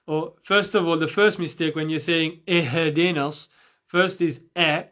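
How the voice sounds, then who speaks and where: A man teaching Quran recitation, patiently breaking words into sounds and repeating them slowly for listeners to copy. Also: a little high, steady tone, a bit bright. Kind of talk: tajweed lesson with slow demonstrations.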